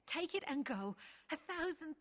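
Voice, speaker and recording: Brief: earnest game scholar, high bright voice. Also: female voice, sing-song, unhurried, no echo. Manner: earnest, reverent. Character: devout, scholarly woman chasing a relic. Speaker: game character.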